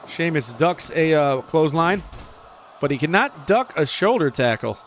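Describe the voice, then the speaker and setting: A man giving casual play-by-play commentary over a video game wrestling match, excitable, jumping up in pitch on the big moves. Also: normal speed, slight background noise.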